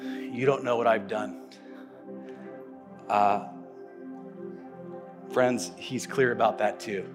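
A man preaching a sermon as pastor, telling stories with animation and swinging between loud, emphatic lines and hushed ones. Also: fairly low pitch, fairly even intonation, slow pace, pauses often, long reverb tail, over music. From United States. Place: church sanctuary.

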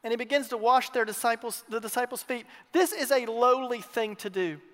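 A male pastor preaching in a church with a strikingly high voice. He swings from loud declarations to hushed asides and repeats his phrases. Long reverb from the hall hangs behind every line. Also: brisk. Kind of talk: sermon.

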